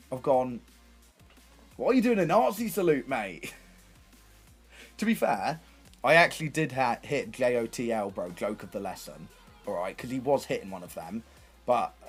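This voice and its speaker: A young man telling casual stories to his livestream chat, animated and swearing freely. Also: mid-range voice, breathy edge. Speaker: streamer.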